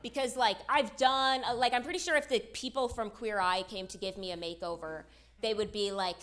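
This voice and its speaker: A young woman performing a self-deprecating stand-up comedy set on stage, with quick asides to the crowd. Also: medium pitch, steady tone, fairly bright tone. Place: comedy stage with live audience. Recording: live show with clear background noise.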